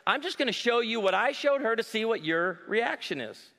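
A man's voice: extremely high pitch, moderate pace. A man in his forties doing live stand-up comedy, telling stories animatedly and acting out voices. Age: 40s. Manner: animated storytelling with voiced quotes. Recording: long hall reverb.

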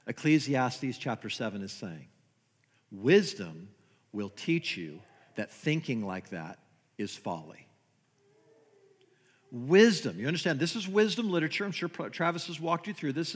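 A man's voice: fairly high pitch, fairly bright tone, in a large hall. A man preaching a sermon in a church, conversational, with many rhetorical questions and repeated words. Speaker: guest preacher. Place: church sanctuary.

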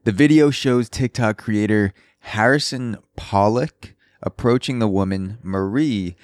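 A podcast host talks alone indoors in his city apartment, loosely and profanely riffing on the news as drilling from construction carries in from outside. He speaks at a measured pace in a low-ish, darkish voice, with no room sound.

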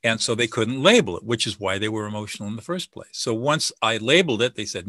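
Bright-voiced man confidently explaining techniques. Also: lowish voice, quick pace, hardly any pauses, dry recording, clean studio sound. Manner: confident, teaching, acts out sample dialogue. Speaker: guest expert on listening and de-escalation. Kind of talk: explanatory interview talk.

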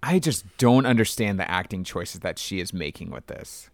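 Deep-voiced man chatting about movies. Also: lively intonation, normal speed, creaky, no room sound, clean studio sound. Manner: chatty, lots of fillers like "like". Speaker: podcast co-host. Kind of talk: casual movie podcast chat.

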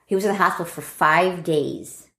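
A woman's voice: lowish voice, normal speed, creaky, reverberant. A middle-aged woman casually telling a family story, acting out what relatives said. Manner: animated, acts out family members' lines.

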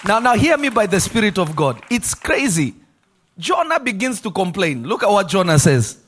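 A man preaching a lively sermon in a church, shouting and acting out voices. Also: sits high, moderate pace, breathy edge, some chatter behind. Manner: animated, shouting and acting out quotes, laughing.

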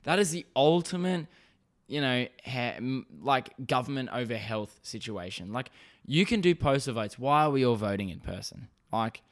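A man's voice: mid-range voice, lively intonation, moderate pace. An Australian man hosting a solo podcast, ranting and rambling with constant swearing. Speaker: podcast host.

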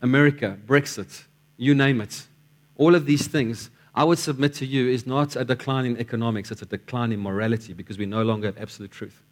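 A man's voice: medium pitch, fairly quick. A man preaching a sermon in a church, telling stories and often repeating words as he restarts his sentences.

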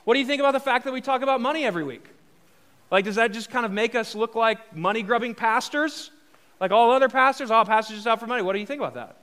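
A man's voice: very high-pitched, lively intonation, quick pace, fairly bright tone. A man preaching a live sermon as pastor, casual and joking, asking the congregation rhetorical questions. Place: church hall with a congregation.

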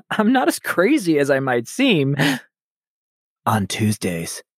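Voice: mid-range voice, wildly swooping pitch, slow pace, no echo, studio quality, voice pushed up, full character voice. A narrator voicing an odd, eccentric crew member who blurts out random non sequiturs. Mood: quirky.

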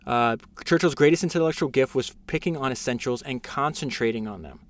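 On his casual podcast, a man enthusiastically walks through a biography and reads excerpts aloud. His voice is mid-range and a little fast, peppered with frequent fillers and restarts.

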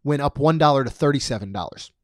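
In a casual podcast conversation about what theme parks cost, a man co-hosting reads prices aloud with joking side comments. He sounds animated and quick, with a medium pitch, on clean studio audio with no echo.

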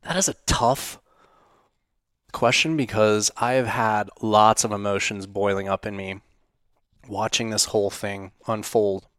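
A middle-aged man hosting a casual monologue, answering viewer questions in a blunt, profane, animated way. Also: fairly low pitch, unhurried, dry recording, clean studio sound. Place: home studio.

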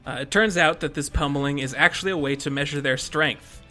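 A man's voice: a little high, brisk, pushed and bright, faint music behind. A man hosting a casual podcast, summarizing the story between jokes and laughing often. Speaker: podcast host recapping chapters.

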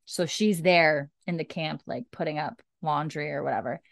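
A woman's voice: deep voice, moderate pace, vocal fry, no room sound, clean studio sound. A woman co-hosting a casual chat show, animatedly retelling scenes and acting out the dialogue in a raised voice, with casual swearing. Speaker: podcast co-host recapping a TV episode.

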